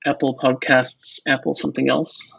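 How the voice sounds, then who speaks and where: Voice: mid-range voice, level tone, moderate pace, creaky, fairly bright tone, breathy edge, no room sound, poor audio. A podcast co-host in their forties, from the United States, whose accent mixes American and Australian, chatting in a rambling, joking way with lots of fillers. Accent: mixed American and Australian. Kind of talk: casual podcast chat.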